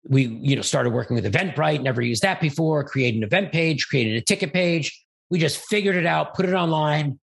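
A man, an event organizer and interview guest, telling a rambling, animated story and acting out quoted dialogue. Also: a little high, a little fast, gravelly, breathy edge. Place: Los Angeles.

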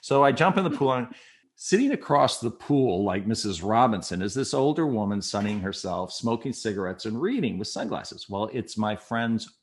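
Middle-aged man, low voice with wide swings; candid storyteller who plays the other people. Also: expressive, normal speed. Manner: candid and self-deprecating, with laughs. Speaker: storyteller guest. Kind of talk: personal anecdote told to a listener.

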